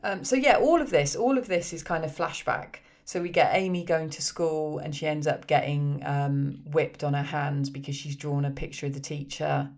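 Woman with a really low voice, keen and chatty, explaining the plot on a podcast. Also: normal speed, hardly any pauses, darkish tone. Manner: enthusiastic, patiently explaining with laughter. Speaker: podcast co-host. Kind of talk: casual chat.

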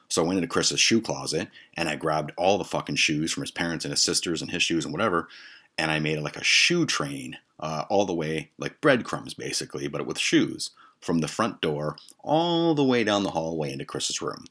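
A man's voice: a bass voice, expressive, normal speed, a bit bright, breathy edge. A man hosting a podcast, telling a profane, heated comic story. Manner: heavily profane, heated retelling. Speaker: podcast host.

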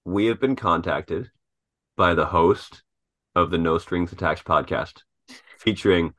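A man's voice: low-pitched, unhurried, fairly bright tone. A man who coaches tennis and co-hosts a podcast, chatting in a blunt, joking way and swearing casually. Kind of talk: casual chat.

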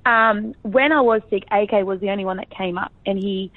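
A woman's voice: medium pitch, no echo. Chatty Australian woman on a tinny phone line. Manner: chatty and frank, quick to laugh. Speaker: reality show contestant, interview guest. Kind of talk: casual phone interview.

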